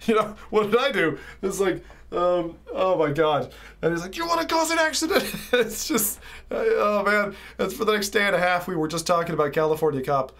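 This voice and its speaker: A man's voice: sits high, fairly bright tone, a little hiss or hum. A man, a VR streamer telling trip stories in a casual, rambling vlog full of fillers. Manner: rambling storytelling with many fillers.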